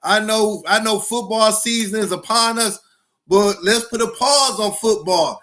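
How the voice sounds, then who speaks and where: A middle-aged man with a notably high voice hosts a live-streamed education podcast. He talks with hyped energy and stacks repeated phrases for emphasis. He greets his viewers one by one by name. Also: a little slow, a bit bright. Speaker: school principal and podcast host.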